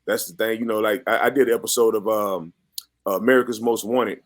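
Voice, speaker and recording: A middle-aged actor telling animated, laughing anecdotes in a casual chat. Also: male voice, on the low side, a little fast, no echo. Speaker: actor and guest.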